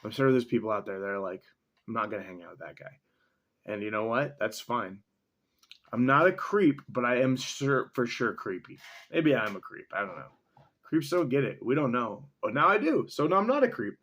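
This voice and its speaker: A man casually reacting to a text he reads, rambling and sarcastic, swearing freely and filling pauses with ums and likes. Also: mid-range voice, big pitch swings, a bit bright. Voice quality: mustache-wearing man chuckling between remarks. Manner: profane, sarcastic, thinks aloud with many fillers. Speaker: vlogger reading and reacting to a text.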